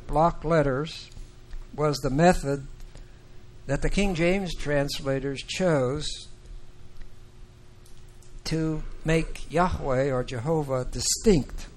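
A man teaches a Bible class in a slightly raised voice, taking his time over each point. He stresses key words hard and stops to ask the class questions. A faint hum of the room sits behind him. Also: a little high. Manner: deliberate, emphatic, questions the class.

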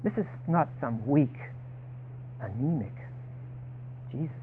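A man's voice: mid-range voice, lively intonation, takes it slowly, phone-quality sound, a little hiss or hum. A man preaching a sermon, emphatic and dramatic, voicing the people he quotes.

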